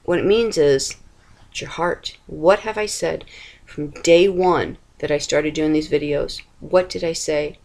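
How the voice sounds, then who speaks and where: A woman's voice: low voice, a little slow, a little mellow. A woman speaking informally to camera, giving a religious exhortation with rhetorical questions, repeated phrases and frequent restarts. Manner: restarts and stumbles while searching for words. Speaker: Christian video teacher.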